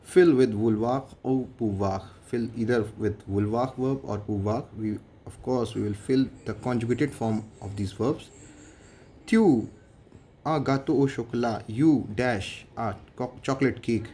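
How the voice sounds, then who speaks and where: Mellow-voiced man with an Indian English accent. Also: mid-range voice, unhurried. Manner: methodical, translates each example line by line. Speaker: French teacher. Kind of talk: classroom grammar explanation.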